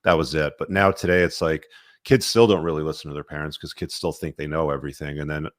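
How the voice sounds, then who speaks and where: A man hosting a podcast interview in a relaxed way, often saying "man" and "you know". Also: very deep voice, fast, no echo, clean studio sound. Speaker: podcast host.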